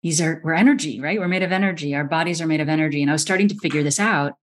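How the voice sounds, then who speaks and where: Animated woman telling a story. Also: sits low, very fast, a little hiss or hum. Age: middle-aged. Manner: lively, acts out quoted voices, frequent restarts. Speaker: osteopathic physician guest. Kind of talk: animated storytelling in a podcast interview.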